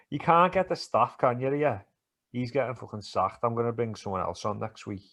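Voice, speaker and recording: A man co-hosts a casual sports podcast. He talks in an animated, sweary way and teases his mate often, at a mid-range pitch. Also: normal speed. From England. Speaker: podcast co-host. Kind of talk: casual banter about football and MMA.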